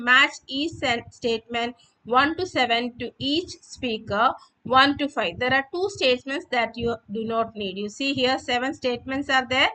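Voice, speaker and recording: A woman with a high, bright voice, teaching a class. She goes through textbook exercises patiently and poses questions, then answers them herself. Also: rough recording. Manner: patient, repeats and rephrases, asks and answers her own questions. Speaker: English teacher. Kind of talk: explaining textbook exercises to students.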